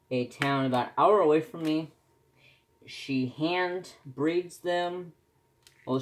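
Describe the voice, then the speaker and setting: A man, chatting casually and rambling as he answers questions for his crafting vlog. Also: mid-range voice. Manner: rambling, folksy, self-correcting. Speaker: crafting vlogger. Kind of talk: casual chat.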